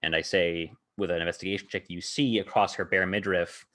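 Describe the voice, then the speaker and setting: Laughing often, this man rambles through the story of a tabletop game he ran as game master, piling on filler words as he hosts his podcast. His low voice stays steady in tone, a little fast, pushed and bright.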